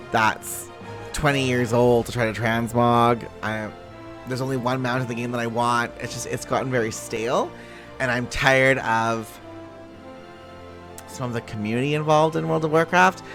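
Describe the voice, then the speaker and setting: Casting: casual male streamer, mid-pitched, chatty and loose, game music faint behind. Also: steady tone, moderate pace, a bit bright. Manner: chatty, greets viewers, swears casually. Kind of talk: casual live-stream chat.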